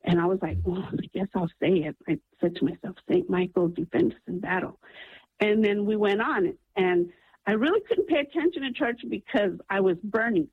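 A woman's voice: medium pitch, moderate pace, husky, no echo. A woman calling in to a radio show, earnestly telling a long personal story with many ums. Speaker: caller. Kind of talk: phone-in storytelling. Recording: tinny phone line.

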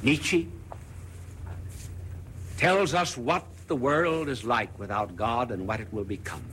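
A man preaching a sermon dramatically, rising to loud declaiming and dropping to whispers. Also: medium pitch, slow, a little hiss or hum.

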